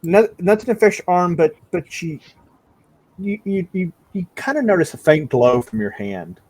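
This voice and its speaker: A man's voice: high-pitched, big pitch swings, normal speed, a little mellow, rough recording. A man narrating as game master of a tabletop game, often stumbling over repeated words.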